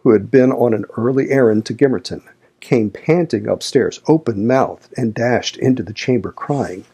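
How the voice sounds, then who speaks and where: A man reading a classic novel aloud as audiobook narration, in a measured, slow, even delivery. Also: medium pitch, husky. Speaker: audiobook reader.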